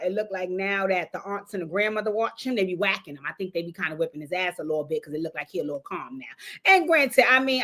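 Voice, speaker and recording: A woman hosting a casual livestream, telling a loud, profane, animated story to her viewers. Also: mid-range voice. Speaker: show host.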